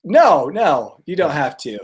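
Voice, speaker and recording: Brief: higher-pitched male co-host, jokey comedy podcast chatter. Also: sing-song, slow, breathy edge. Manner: joking, laughs at his own bits. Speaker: podcast co-host presenting stories. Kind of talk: casual comedic chat.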